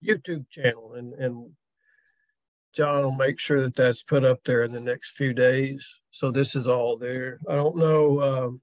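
A man hosting a community talk series, speaking casually and haltingly with many fillers. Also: medium pitch, vocal fry, no room sound. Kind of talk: casual chat.

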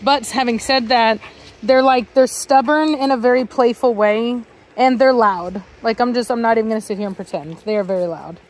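A woman's voice: a little high, normal speed. A woman breeder chatting casually outdoors among her dogs, scolding them sharply and cooing at them. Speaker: dog breeder. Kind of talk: casual vlog talk to camera and dogs. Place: outdoors in a dog yard.

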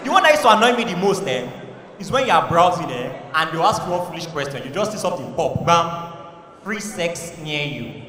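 A Nigerian man doing a stand-up comedy routine on stage, animated and shouting punchlines, slipping into pidgin. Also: a little high, quick pace, recorded from a distance, a faint crowd, a little hiss or hum. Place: live comedy stage in a large hall. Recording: echoey hall from a live show.

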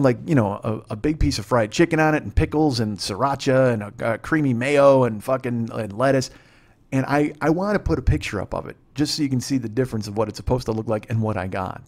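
A man's voice: medium pitch, darkish tone. Man telling a rambling, profane story. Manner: profane, rambling, self-deprecating. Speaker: comedian podcast host. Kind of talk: casual comedic storytelling.

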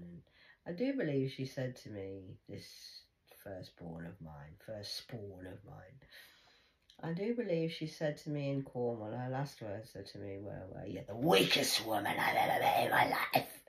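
Very low-voiced older woman. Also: dark tone, poor audio. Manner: bitter, muttering, blunt. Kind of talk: confessional monologue.

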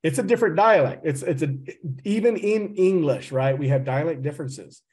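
A man teaching a language class over a video call, with a fairly high voice. He teases his students, calls them "guys," and breaks up grammar points with jokes. The sound comes through a home computer mic. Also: normal speed, darkish tone. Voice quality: teasing, joking, addresses the class as "guys".

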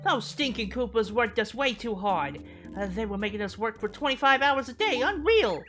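A woman's voice: a little high, normal speed, voice pushed up. A woman reading as a feisty bomb girl. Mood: indignant. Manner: lively, sometimes shouting in outrage. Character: spunky young female bomb creature, defiant. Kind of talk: reading game dialogue aloud. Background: game music.

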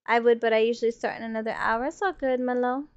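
A woman's voice: on the high side, fairly even intonation, quick pace, smooth, no room sound. A woman streamer, chatting casually and swearing freely while she plays, a little worn in the voice. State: losing her voice. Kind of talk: casual gaming stream chat. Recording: dull, lo-fi stream audio.

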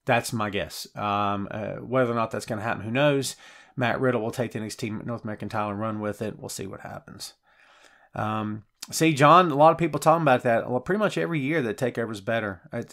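A middle-aged man hosting a wrestling show, chatting casually and reacting excitedly to viewer comments, with a lot of filler words and restarts. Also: mid-range voice. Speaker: wrestling podcast host.

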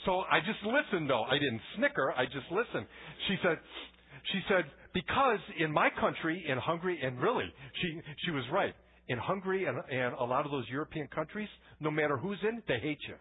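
Male pastor, conversational sermon, husky tone, phone-like lo-fi recording. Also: on the high side, lively intonation, brisk. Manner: conversational preaching with anecdotes and frequent restarts. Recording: tinny phone-like church recording.

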